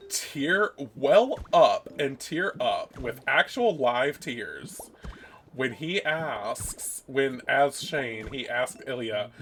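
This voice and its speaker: A man's voice: medium pitch, expressive, very slow, fairly bright tone, slight background noise. A man streaming a game, chatting casually, gushing and self-mocking. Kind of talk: casual gaming commentary.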